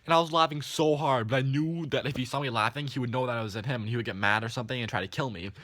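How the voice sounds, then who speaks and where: Fast-talking man telling an animated story. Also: medium pitch, dry recording. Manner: animated, swears often, many "like" fillers. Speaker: vlogger. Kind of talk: storytime vlog.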